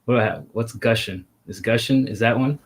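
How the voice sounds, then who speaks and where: A man's voice: medium pitch, fairly quick, husky. Teasing male music-review host. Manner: teasing, stalling with repeated "hold on". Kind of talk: casual chat.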